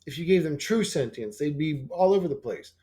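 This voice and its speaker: A man's voice: lively intonation, a little fast, dark tone. A man rambling casually as a channel host, swearing often and full of fillers and restarts. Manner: acts out quoted dialogue in a higher voice.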